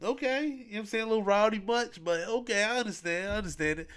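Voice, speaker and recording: Animated slang-heavy man telling a story. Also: high voice, rapid-fire, clean tone. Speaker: podcast host. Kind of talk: casual podcast chat.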